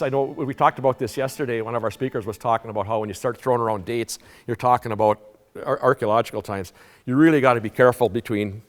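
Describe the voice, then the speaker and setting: A man giving a conference talk, telling a story in an animated way, halting often with restarts and repeated words. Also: mid-range voice. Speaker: conference presenter. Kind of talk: storytelling lecture. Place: conference hall. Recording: long hall reverb, faint music.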